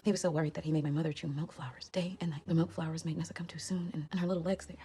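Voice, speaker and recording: Brief: an actress as a withdrawn young witch, low and fast, hushed delivery. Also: fairly even intonation, natural voice. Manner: hushed, halting. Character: guarded, outcast green young witch.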